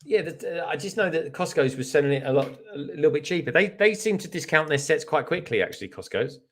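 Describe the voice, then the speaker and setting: Relaxed man rambling on a livestream. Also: a little high, fast. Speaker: guest on livestream. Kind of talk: casual livestream chat.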